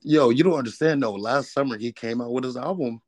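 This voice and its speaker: Animated young man hosting an interview. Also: mid-range voice, a little fast, no room sound. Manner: animated storyteller, playful and hyped. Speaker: interview host. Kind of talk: casual interview chat.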